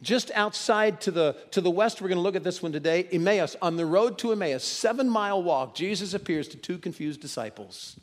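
A man preaching a sermon, moving between loud emphasis and hushed, dramatic quotes. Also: sits high, expressive, fairly quick, few pauses, big-room sound.

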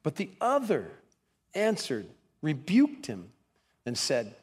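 A man preaching a sermon as pastor, acting out quoted voices with big pitch swings. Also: big pitch swings, a little slow, husky, in a large hall.

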